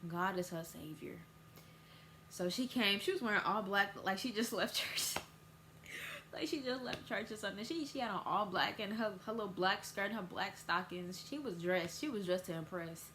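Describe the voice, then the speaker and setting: Teen girl, casual vlog storyteller, jumps high for quotes, faint background noise. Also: normal speed, bright, forceful tone. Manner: casual storytelling, acts out quoted voices with big pitch jumps. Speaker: vlogger.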